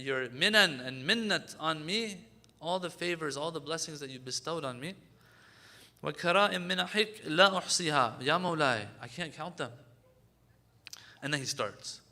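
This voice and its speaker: A man giving a conversational religious lecture, switching to fast recitation of Arabic supplication lines. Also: on the high side, sharp tone. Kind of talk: sermon. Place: lecture hall.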